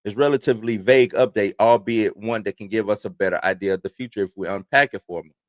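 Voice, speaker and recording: A man's voice: lowish voice, quick pace, no room sound. Rambling male livestream host, dry sound. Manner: rambling, conversational, reads news aloud then riffs. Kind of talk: casual commentary livestream.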